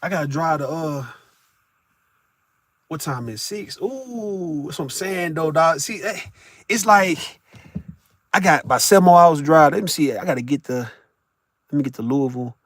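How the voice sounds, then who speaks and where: Man, high-pitched voice, rowdy profane stream banter, laughs a lot, dry close sound. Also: expressive, normal speed, pauses often, a bit bright, dry recording. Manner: profane, boisterous, often laughing. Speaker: live streamer talking to chat. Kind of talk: casual live-stream chat. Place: in a vehicle while driving for work.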